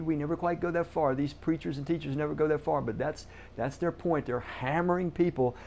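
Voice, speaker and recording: Middle-aged male pastor, mellow tone, emphatic sermon delivery. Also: a little high, moderate pace, creaky, few pauses, a little hiss or hum. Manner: emphatic, repeats key words for stress.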